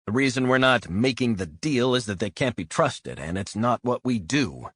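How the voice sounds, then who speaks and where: A man's voice: medium pitch, animated, moderate pace, fairly bright tone, breathy edge, no room sound, clean studio sound, voice pushed up. A man voicing a stern male bureau director who speaks curtly and with rigid authority. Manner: authoritative, curt, by-the-book.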